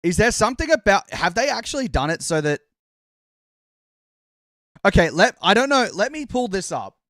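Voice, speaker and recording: Young Aussie streamer, slightly high voice, rambling and self-interrupting, dry close mic. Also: male voice, very animated, normal speed, a bit bright, no echo. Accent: Australian. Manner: chatty, rambling, self-interrupting, teasing the chat. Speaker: livestream host. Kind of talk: casual live-stream chat.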